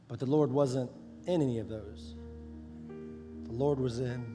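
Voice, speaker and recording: A male pastor preaching a sermon, swinging between loud passionate preaching and soft near-whispers. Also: mid-range voice, measured pace. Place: church sanctuary. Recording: live hall with long reverb and music underneath.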